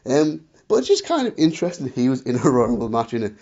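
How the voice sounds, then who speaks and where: A man in his thirties with a Northeast English accent talks wrestling history in a relaxed, chatty way, breaking into loud impressions now and then. His voice sits mid-range. The recording is a little dull and lo-fi. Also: medium pitch, quick pace. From northeast England. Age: 30s. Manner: chatty, animated storytelling with shouted impressions. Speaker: podcast host. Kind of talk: casual wrestling commentary.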